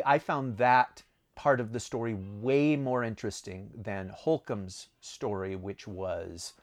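Rambling man chatting about his stories. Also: lowish voice. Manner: rambling, self-correcting, laughs at own stories. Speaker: author answering reader questions. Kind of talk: casual chat.

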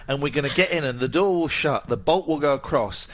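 A man hosting a radio show, chatting in a lively, self-mocking way into a close headset mic. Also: a little high, a little fast. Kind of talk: casual radio chat.

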